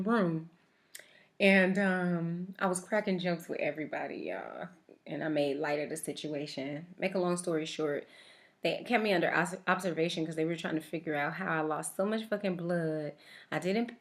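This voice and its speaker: Profane, fast-talking woman storyteller. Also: deep voice. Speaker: vlogger. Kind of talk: casual storytelling.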